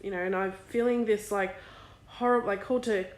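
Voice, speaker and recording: A woman's voice: medium pitch, steady tone, a little fast, roomy sound. A woman in her thirties, a small business owner, chatting candidly and emotionally in a casual vlog, swearing freely. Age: 30s.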